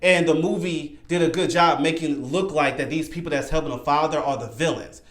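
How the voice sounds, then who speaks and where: Excitable man with a roomy echo. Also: on the high side, fairly quick. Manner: excitable, rambling, repeats himself. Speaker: horror movie reviewer. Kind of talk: casual spoken review.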